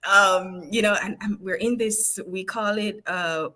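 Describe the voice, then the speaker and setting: A woman's voice: medium pitch, fairly even intonation, measured pace, poor audio. A woman HR professional as an interview guest, telling workplace stories in a casual way and laughing often. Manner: warm storyteller, smiles and laughs through her points.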